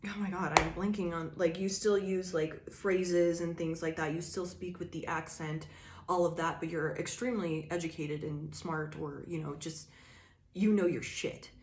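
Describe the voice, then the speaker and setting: A woman's voice: lowish voice, steady tone, moderate pace, roomy sound, a little hiss or hum. A woman giving a casual tarot reading, swearing freely and rambling with lots of fillers. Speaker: tarot reader.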